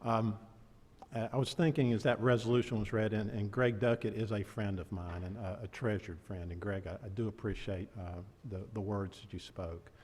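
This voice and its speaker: A retiring vice chancellor giving joking, halting retirement remarks at a board meeting, with many fillers and restarts. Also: male voice, fairly low pitch, steady tone, darkish tone, slightly rough. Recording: echoey meeting hall.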